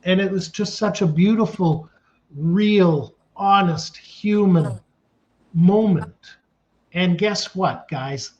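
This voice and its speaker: A casting director in his sixties, telling animated stories in an interview and acting out the scenes he describes. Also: high-pitched, slow. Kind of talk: storytelling in an interview. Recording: dull lo-fi sound.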